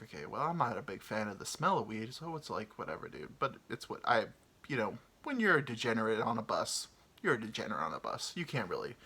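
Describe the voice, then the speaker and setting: A man's voice: mid-range voice, sharp tone. A man hosting a podcast, telling a comic story in a rambling, profane way with lots of fillers. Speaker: podcast host. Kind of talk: casual comedic storytelling.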